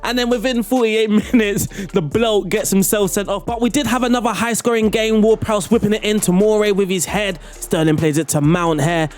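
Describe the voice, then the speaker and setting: Excitable high-voiced gaming commentator. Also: male voice, moderate pace, hardly any pauses, faint music behind. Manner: animated, laughing, playful play-by-play. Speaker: gaming YouTuber. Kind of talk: excitable football game commentary.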